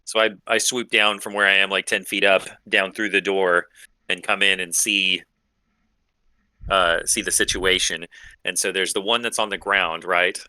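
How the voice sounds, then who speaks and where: Deep, bright-toned man playing a tabletop game. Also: steady tone, normal speed, no echo. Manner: checks details with questions, casual. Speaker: player.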